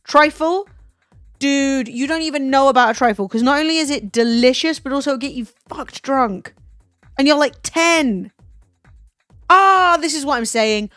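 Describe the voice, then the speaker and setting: Young english girl streaming, swears a lot, jokey, dry mic with soft music behind. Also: high-pitched, normal speed, no echo. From England. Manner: swears freely, animated and jokey. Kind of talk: casual chat.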